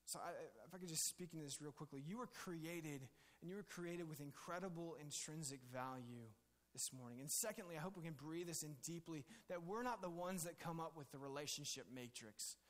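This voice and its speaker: A man's voice: fairly high pitch, brisk, big-room sound. A male pastor giving a conversational, jokey sermon with many restarts.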